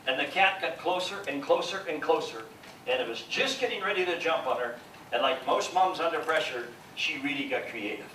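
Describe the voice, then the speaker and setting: A man's voice: on the high side, lively intonation, brisk, sharp tone. An older man with a Canadian accent gives a humorous motivational talk at a seminar, working the crowd with jokes and stories. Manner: jokey storyteller playing to the crowd. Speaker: seminar speaker. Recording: echoey hall from far off with noise.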